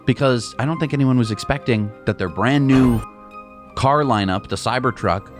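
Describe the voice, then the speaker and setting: A man's voice: medium pitch, normal speed, soft background music. A man co-hosting a news show in casual chat, explaining things with everyday comparisons. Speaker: co-host.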